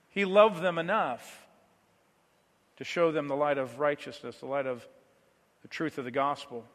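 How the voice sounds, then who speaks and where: A man preaching a sermon, moving between quiet, low passages and loud, emphatic declarations. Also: moderate pace, long pauses, big-room sound.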